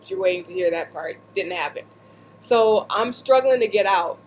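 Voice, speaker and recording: A woman vlogger seated indoors, casually telling a story in an animated, joking way with lots of asides. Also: mid-range voice, moderate pace, a little hiss or hum, low-quality recording.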